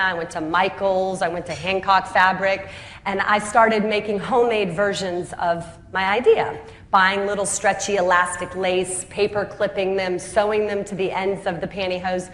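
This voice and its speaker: A woman telling the story of how she built her business, lively and laughing at her own anecdotes. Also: medium pitch, slight background noise. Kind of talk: storytelling talk. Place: home city Atlanta.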